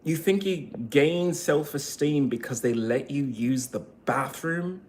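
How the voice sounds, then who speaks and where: A male vlogger goes on a furious, expletive-laden rant, lurching from shouting to hushed, emotional passages. His pitch sits fairly high, he speaks slowly, and there's faint background noise.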